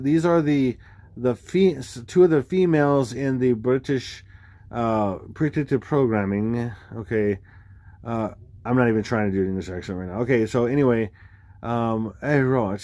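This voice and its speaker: A man explaining dates and numbers on screen in a rambling, excitable way, full of fillers and sudden exclamations. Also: medium pitch, no room sound. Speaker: video creator explaining number theories. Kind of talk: casual screen-share commentary.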